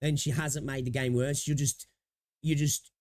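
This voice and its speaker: A man gives casual livestream commentary on a video at normal speed, his medium-pitched voice delivered flatly. He thinks out loud, rambles, laughs easily, and keeps checking in with "right?".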